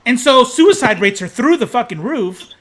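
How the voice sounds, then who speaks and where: Animated high-voiced swearing man. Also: moderate pace. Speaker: co-host of a comics podcast. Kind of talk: casual live-stream chat.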